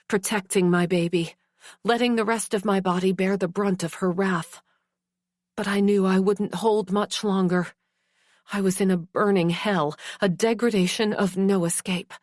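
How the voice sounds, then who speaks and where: A woman narrating a dark romance in first person, anguished and at times breathy. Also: medium pitch, no echo, studio quality.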